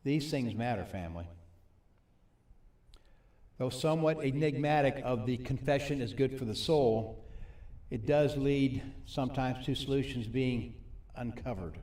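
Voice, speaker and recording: A man preaching a sermon at a recovery ministry. He reads scripture slowly and asks the audience questions. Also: medium pitch, a little mellow. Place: meeting hall with a live audience. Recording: echoey hall, mic from a distance.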